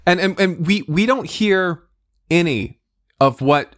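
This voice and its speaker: Slow-talking man adding jokes. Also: high-pitched, lively intonation. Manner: drawn-out, adds quick jokes and laughs. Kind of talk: improvised comedy storytelling.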